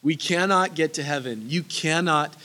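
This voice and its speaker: A man's voice: on the high side, normal speed, pushed and bright. A man preaching a sermon that teaches through Bible verses, earnest and emphatic, repeating key phrases for weight, with casual asides. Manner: casual asides that break into laughter.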